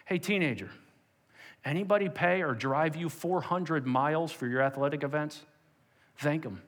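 A man preaching a sermon as pastor, moving from emphatic exhortation to hushed prayer. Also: on the high side, moderate pace. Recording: long hall reverb.

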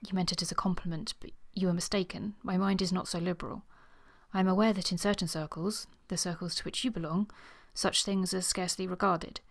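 A woman's voice: fairly low pitch, fairly even intonation, a little fast. A woman reading a proud young governess from a novel, earnest and flustered, at times close to a whisper. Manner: earnest, sometimes dropping to a whisper.

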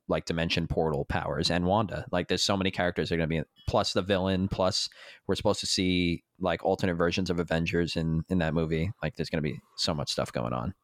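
A man's voice: low voice, fairly even intonation, fast, no room sound, clean studio sound. A man co-hosting a casual podcast chat about a TV episode, enthusiastic and checking his notes. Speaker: podcast co-host.

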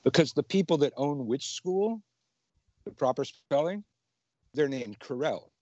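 A man's voice: fairly high pitch, animated, a little slow, warm tone, no echo, highs cut off. A man, a witchcraft teacher, chatting casually as a guest and laughing often. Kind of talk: casual video-call chat.

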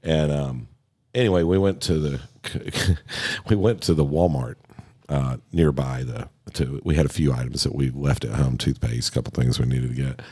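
A man's voice: a bass voice, moderate pace, warm tone, husky. A man co-hosting a podcast, telling rambling stories in casual chat, swearing and chuckling as he goes. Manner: rambling storyteller, swears freely, chuckles often. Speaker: podcast co-host.

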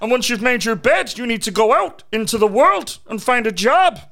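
A man putting on a loud, pompous lecturing voice with an Irish tinge. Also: very high voice, lively intonation, moderate pace, vocal fry, voice pushed up, heavily acted. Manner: loud, bellowing.

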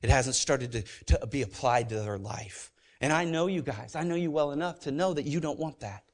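A pastor preaching a sermon in a church, animated and emphatic, with joking asides. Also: male voice, mid-range voice, normal speed. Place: church sanctuary.

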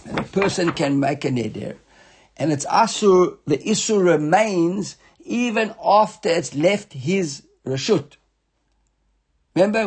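A man's voice: fairly high pitch, breathy edge. A man teaching an informal Talmud study class, reading passages aloud and explaining them in English with frequent restarts and self-corrections.

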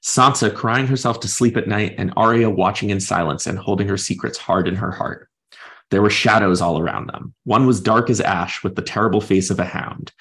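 A man's voice: on the low side, moderate pace, a bit bright. A man hosting a podcast, thoughtfully discussing a book and retelling its chapters at length in his own words. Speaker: podcast host.

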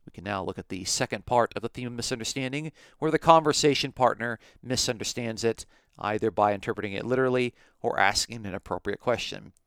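A man's voice: medium pitch, fast, fairly bright tone, clean tone, no room sound, studio quality. A man teaching a podcast Bible lesson, explaining his points methodically and step by step.

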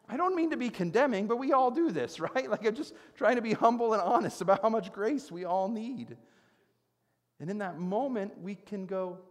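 A man's voice: high voice, expressive, moderate pace. Earnest pastor in his thirties, reverberant hall. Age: 30s. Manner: earnest, conversational, with rhetorical questions and prayerful asides. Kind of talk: sermon.

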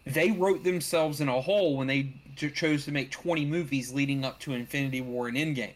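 A man hosting a casual movie review chat, talking emphatically with frequent restarts and false starts. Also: mid-range voice. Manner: halting, restarts often, emphatic. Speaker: podcast host.

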